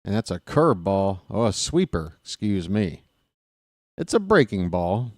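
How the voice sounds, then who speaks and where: A man's voice: sits low, very animated, unhurried, no room sound, studio quality. A man with a Baltimore accent doing solo play-by-play for a baseball game, openly rooting for his team. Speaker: play-by-play announcer.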